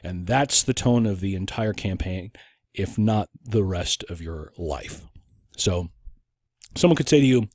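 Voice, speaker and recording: Lively, expressive male podcast host. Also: sits low, measured pace, dry recording, clean studio sound. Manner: animated, with frequent restarts and acted-out quotes. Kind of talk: casual opinion podcast monologue.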